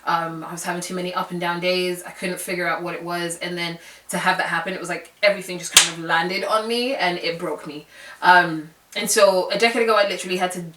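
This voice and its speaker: A woman's voice: on the low side, fairly even intonation, fast, bright, forceful tone, far from the mic, a little hiss or hum. A young woman telling a candid, rambling personal story in a reflective vlog. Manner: candid, rambling, many fillers. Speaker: vlogger. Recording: roomy, away from the mic.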